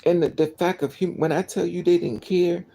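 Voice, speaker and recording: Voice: mid-range voice, fairly even intonation, normal speed, warm tone, low-quality recording. A vlogger telling a story as a casual rant, emotional and indignant, repeating phrases for emphasis.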